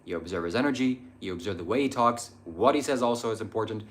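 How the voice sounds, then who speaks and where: A man's voice: fairly low pitch, expressive, a little fast. A young man hosting a live stream, answering viewer chat about spirituality in an earnest, meandering way with frequent hesitations.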